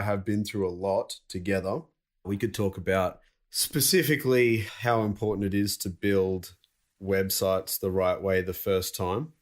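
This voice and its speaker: A young man hosting a business podcast, joking with his guest in casual chat before moving on to the topic. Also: lowish voice. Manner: joking, upbeat. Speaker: podcast host.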